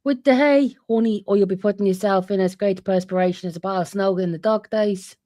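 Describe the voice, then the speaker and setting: A woman's voice: medium pitch, fairly quick, dark tone, close to an everyday voice. A woman doing a sly trickster servant. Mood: teasing. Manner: wheedling, teasing, mock-soothing.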